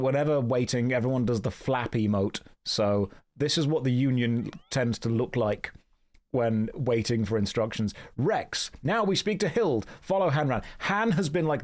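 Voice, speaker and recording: A man's voice: medium pitch, darkish tone. A man streaming a game and commenting casually, with a dry, joking manner.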